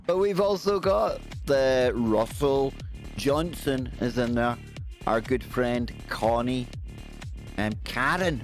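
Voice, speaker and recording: A middle-aged man hosting a casual live stream, greeting viewers by name and joking around. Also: mid-range voice.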